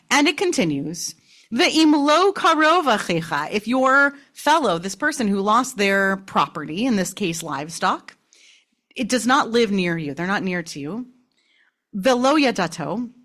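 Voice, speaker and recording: A woman's voice: mid-range voice, a bit bright. A woman rabbi-cantor leading a Torah study class, talking in a conversational way and asking her group questions. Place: synagogue study room.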